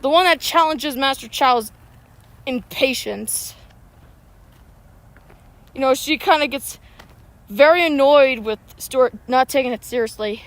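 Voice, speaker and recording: A woman streaming a mobile game outdoors, chatting excitedly with viewers and arguing back at them. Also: sits high, unhurried, pauses often. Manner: excitable, argues back at chat. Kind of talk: casual chat with viewers while playing. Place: outdoors, walking.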